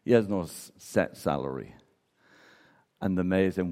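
A man's voice: sits low, takes it slowly, pauses often, a little mellow. Man preaching in a reverberant hall. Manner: storytelling, acts out quoted voices. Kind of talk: sermon.

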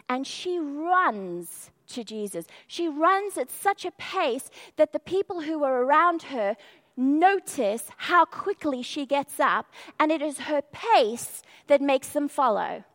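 The clip starts with a perfume lamp demonstration, followed by a woman preaching in a high, somewhat bright voice. Her storytelling is emotional, and she voices the quoted characters with rising intensity.

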